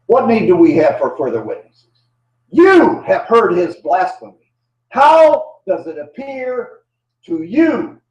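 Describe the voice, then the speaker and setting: A man voicing an indignant male high priest at a trial, speaking in a raised, demanding voice. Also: slow pace, long pauses, mellow. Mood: accusing. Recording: dull, distant, echoey room sound.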